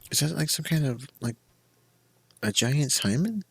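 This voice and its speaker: A man's voice: on the high side, lively intonation, a little slow, vocal fry, a bit bright, slightly rough, soft background music. A young man streaming a game, rambling in a casual, profane, jokey way. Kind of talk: casual live-stream chat while gaming.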